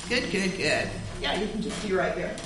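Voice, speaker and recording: A woman pastor reading scripture and leading a children's sermon, gentle and encouraging with coaxing questions. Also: on the low side, lively intonation, moderate pace, noisy background. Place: church sanctuary. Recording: echoey church from far off.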